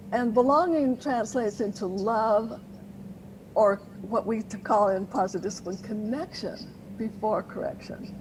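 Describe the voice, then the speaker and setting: A woman explaining parenting ideas as an interview guest, earnest and teacherly, with light laughs now and then. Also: mid-range voice. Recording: noisy interview recording.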